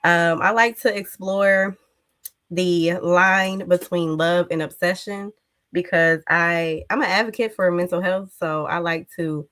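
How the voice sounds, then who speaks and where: A woman's voice: lowish voice, steady tone, measured pace, fairly bright tone, no room sound, studio quality. A woman with a Detroit accent, an author being interviewed, laid-back and easygoing. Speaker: author guest. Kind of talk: interview conversation.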